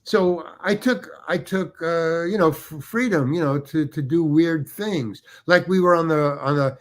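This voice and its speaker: An older man, appearing as a guest actor, tells rambling anecdotes, restarting his sentences and acting out quotes. His voice is a little high and his pace is measured.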